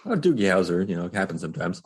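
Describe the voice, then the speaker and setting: A man co-hosting a podcast, sharing opinions in a relaxed, casual chat. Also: low voice, rapid-fire, breathy edge. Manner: relaxed, opinionated, thinking aloud. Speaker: podcast co-host.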